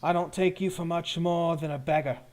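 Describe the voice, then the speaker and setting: A man's voice: on the high side, steady tone, fairly quick, darkish tone, voice pushed up, lightly acted. A man voicing a haughty, hot-tempered male city guard lieutenant in a tabletop game, sneering and barking his words. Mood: scornful.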